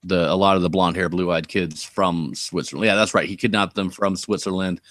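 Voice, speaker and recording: Low-voiced rambling male stream host. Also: steady tone, fairly quick, fairly bright tone, dry recording. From Oregon, USA. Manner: rambling, chatty, thinks aloud. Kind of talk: casual live-stream chat.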